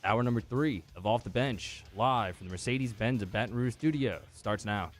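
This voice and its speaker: A man reading a scripted radio show intro in a crisp, upbeat announcer manner. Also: lowish voice, moderate pace. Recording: music bed behind voice.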